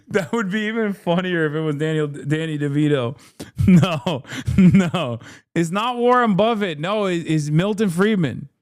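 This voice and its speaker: A man's voice: fairly high pitch, expressive, a little slow, dry recording, studio quality. A male live streamer giving casual reaction commentary, profane, mocking and sarcastic.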